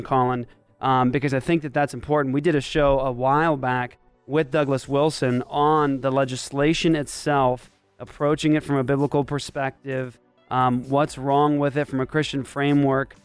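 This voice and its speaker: A man hosting a talk show, upbeat and animated in casual banter. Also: mid-range voice, normal speed, clear, resonant tone, no room sound, faint music behind. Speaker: host.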